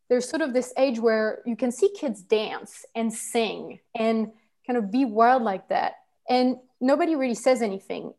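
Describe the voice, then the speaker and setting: A woman's voice: a little high, darkish tone. A woman leading a personal-growth workshop, speaking earnestly and searching for words, with fillers and restarts. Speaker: workshop facilitator. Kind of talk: teaching talk on personal growth.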